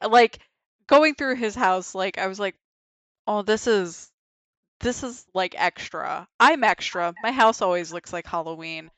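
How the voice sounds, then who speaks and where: A woman's voice: medium pitch, a little slow, fairly bright tone, no room sound. A young woman casually telling a frank, laughing story on a podcast, swearing freely and acting out her own reactions. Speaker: guest.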